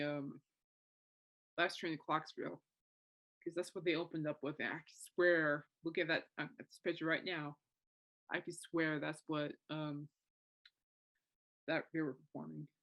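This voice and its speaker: A woman's voice: low voice, a bit bright. A woman in her thirties hosting a casual solo podcast, rambling and emotional, with many fillers and restarts. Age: 30s. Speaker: podcast host.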